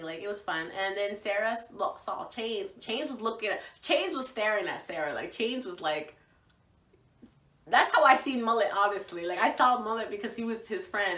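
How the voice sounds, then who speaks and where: A young woman from Virginia, casually telling a story to the camera in an animated, gushing way, acting out what people said. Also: medium pitch. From Virginia, USA. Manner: animated, gushing, acts out quotes. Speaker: vlogger. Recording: echoey room, voice from far off.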